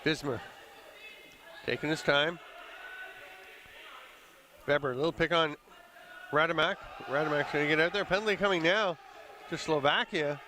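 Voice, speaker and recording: A man calling a live lacrosse game play by play, brisk and conversational, with the odd chuckle. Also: a little high, noisy background. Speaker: play-by-play commentator. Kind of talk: live sports commentary.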